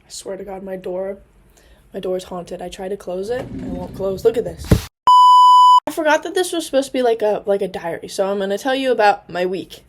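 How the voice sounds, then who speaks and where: A woman's voice: medium pitch, fairly quick, a little mellow. A nineteen-year-old woman talking casually into her laptop camera in a diary-style vlog, chatty and rambling, with many fillers and self-deprecating asides. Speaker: college student vlogger.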